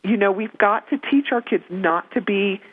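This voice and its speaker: Role: parenting advice guest on a talk show. Style: earnest, emphatic, repeats her key points. Sex: woman. Pitch: mid-range for a woman. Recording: narrow, tinny phone-line sound. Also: moderate pace, slightly rough.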